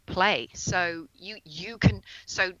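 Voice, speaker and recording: A woman guest on a podcast, explaining astrology in a casual, earnest way and slowing down on key terms. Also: on the low side, a bit bright, dull audio.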